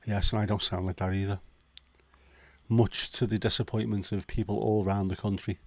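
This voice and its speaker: A man's voice: on the low side, level tone, normal speed, a little mellow, dry recording. A man from Liverpool hosting a casual chat livestream, joking and swearing as he chats to viewers. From Liverpool, England. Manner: sweary, joking, chatty asides. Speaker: livestream host.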